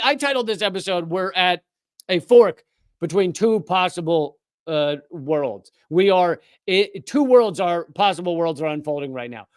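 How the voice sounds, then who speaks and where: Brief: sarcastic man hosting a commentary show, high voice, dry close sound. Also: fairly bright tone, smooth, dry recording. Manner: indignant, sarcastic. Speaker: political commentary host. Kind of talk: scripted political commentary.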